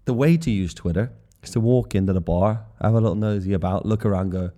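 Mellow, low-voiced man. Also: fairly quick. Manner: swears freely and acts out little scenes in quoted voices. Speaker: podcast host. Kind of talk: casual comedic monologue.

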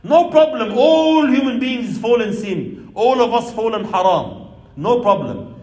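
A man's voice: extremely high pitch, animated, a little slow, a little mellow, reverberant, poor audio. A man preaching an impassioned sermon to his brothers and sisters, with Arabic religious phrases woven into his talk. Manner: addresses listeners as brothers and sisters. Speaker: Islamic preacher.

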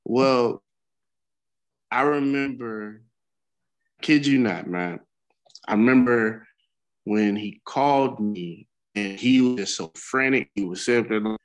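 A man's voice: mid-range voice, slow pace, long pauses, low-quality recording. A middle-aged man, a podcast co-host, talking candidly in casual chat and swearing freely as he tells a story. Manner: candid, profane storytelling with bursts of laughter.

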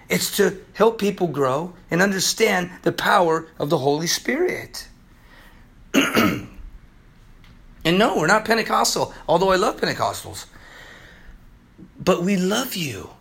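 Hoarse, impassioned man preaching. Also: sing-song, a little slow. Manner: impassioned, pleading, swings from loud to low and intense. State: voice going hoarse. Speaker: preacher hosting a religious program. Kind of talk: sermon.

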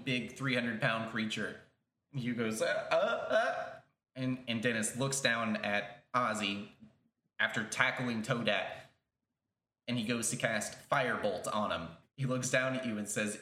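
A man's voice: fairly low pitch, reverberant. A man running a tabletop game as game master, narrating casually and swearing now and then. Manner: casual, swears, puts on shouted voices for characters.

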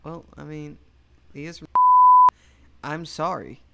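A young man in loose podcast banter, telling rambling stories full of "like." His voice sits a little high for a man. He laughs often and chatters on easily. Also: slow pace, gravelly, heavy background noise. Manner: rambling storytelling, lots of "like", bursts of laughter. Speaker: podcast co-host. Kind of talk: casual crude chat.

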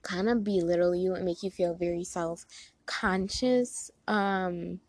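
A woman's voice: on the low side, fairly even intonation, takes it slowly, darkish tone, dry recording. A young woman giving relationship advice in a casual, earnest way to her viewers, with lots of filler words. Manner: chatty, earnest, many "like" fillers. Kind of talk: casual talk to camera.

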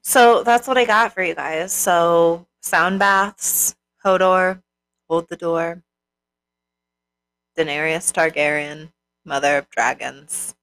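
A woman co-hosting a podcast in casual chat, telling a story in an animated, dramatic way. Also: on the low side, slow, clear, resonant tone, rough recording. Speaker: podcast co-host.

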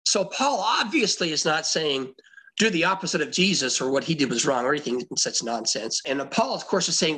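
A man's voice: on the high side, expressive, a little fast, pushed and bright, husky, low-quality recording. A man teaching a Bible passage to a congregation, conversational and emphatic, reading verses aloud and explaining them. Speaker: pastor teaching scripture.

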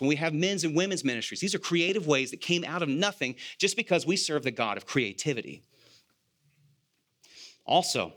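A man's voice: fairly high pitch, fairly bright tone. A man, an elder candidate, preaching a sermon in an earnest, conversational way, asking rhetorical questions, repeating key phrases and making a self-deprecating joke now and then.

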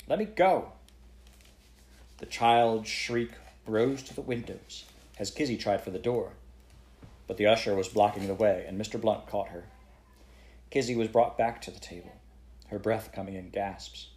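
A man reading a children's book aloud to a child at bedtime in a steady, expressive way. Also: fairly low pitch, moderate pace.

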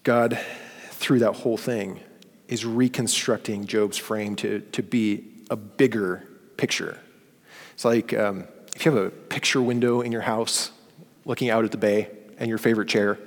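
A man's voice: fairly low pitch, fairly even intonation, normal speed. Man preaching in a reverberant hall. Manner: earnest storytelling, acts out quoted dialogue. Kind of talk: sermon.

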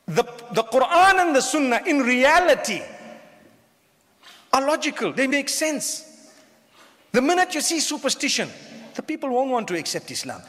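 A man's voice: very high voice, fairly bright tone. A man from Africa, preaching a humorous lecture-style sermon to a live audience and often asking the crowd questions. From southern Africa. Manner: humorous, asks the crowd questions, mimics people. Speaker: Islamic preacher. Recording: long reverb of a large hall.

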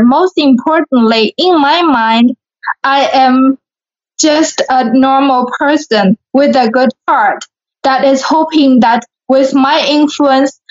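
A young woman from China with a Chinese accent, talking earnestly and brightly as an interview guest. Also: high-pitched. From Shanghai, China. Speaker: guest, beauty pageant winner. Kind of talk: casual interview talk. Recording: lo-fi recording.

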